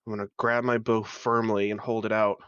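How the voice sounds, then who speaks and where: A man describing his character's actions in a tabletop game, halting with many fillers. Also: on the low side, little pitch movement, a bit bright, clean tone, no echo. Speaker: player. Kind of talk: playing a tabletop character in character narration. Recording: dull lo-fi dry sound.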